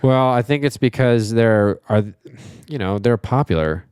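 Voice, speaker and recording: Animated man telling a bar story. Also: medium pitch, measured pace, clean tone, dry recording, studio quality. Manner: animated storyteller, swears, lots of fillers. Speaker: podcast co-host. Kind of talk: casual chat, storytelling.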